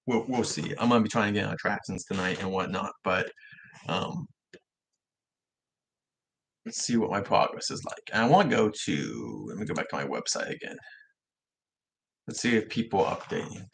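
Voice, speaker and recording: A young man whose R's come out soft, like W's, chatting casually on a livestream vlog with frequent restarts. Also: sits low, lively intonation, normal speed, vocal fry, pauses often. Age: young adult. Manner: rambling, self-correcting talk with frequent restarts. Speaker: livestream vlogger.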